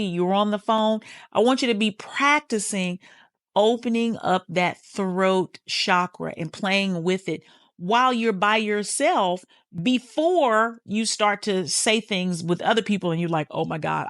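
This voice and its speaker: Woman, healing-podcast host, casual and blunt, curses freely, mid pitch, dry close mic. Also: no room sound. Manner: candid and swearing, direct to listener. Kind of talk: casual motivational talk.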